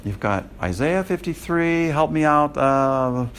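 A man's voice: fairly high pitch, lively intonation, takes it slowly, fairly bright tone, slight background noise. An American man lecturing a Bible class in a conversational way, often checking that his students follow. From United States. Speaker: Bible teacher.

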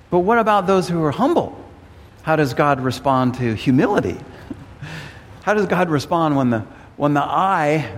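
Male pastor, earnest sermon delivery, mid pitch, long church-hall reverb. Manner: earnest, repeats words while thinking.

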